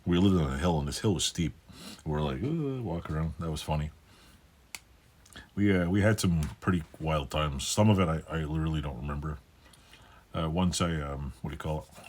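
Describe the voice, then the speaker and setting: A man's voice: very deep voice, steady tone, brisk, pauses often, darkish tone. A man in his fifties talking casually in a personal vlog, rambling and swearing, with many fillers and restarts. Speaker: channel host.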